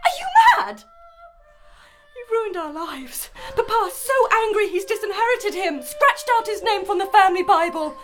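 A woman playing a jealous, sharp-tongued young sister who speaks in an accusing way. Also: very high-pitched, moderate pace, hardly any pauses, soft background music. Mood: furious.

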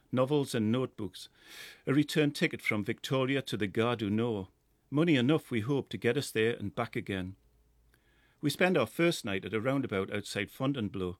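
Geordie male narrator, middle-aged, measured lyrical read, mid pitch, dry booth sound. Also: no room sound. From North East England. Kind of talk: scripted first-person narration.

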